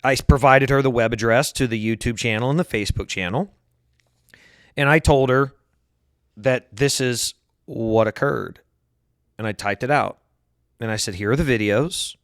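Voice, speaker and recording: A man's voice: mid-range voice, moderate pace, long pauses, a bit bright, clean tone, no room sound, clean studio sound. A man in his thirties hosting his own show, venting in a heated, profane monologue and often repeating himself. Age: 30s. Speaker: show host. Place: lives in Harris County, Texas.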